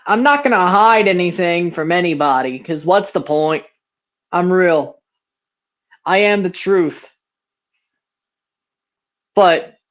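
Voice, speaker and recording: A 21-year-old man from Mississippi, USA, hosts a livestream watchalong, calling plays and rambling bluntly in slangy, casual chat. His voice sits high and sounds a bit bright, with an accent close to Southern American.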